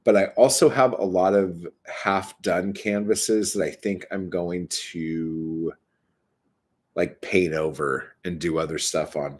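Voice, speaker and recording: A man casually telling a story in a vlog, swearing often and rambling with many fillers and asides. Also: deep voice. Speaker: vlogger.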